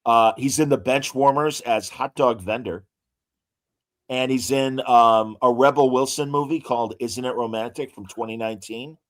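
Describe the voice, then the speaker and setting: In casual podcast talk, this co-host enthusiastically reels off trivia with frequent fillers. He speaks at normal speed in a mid-range voice with a steady tone.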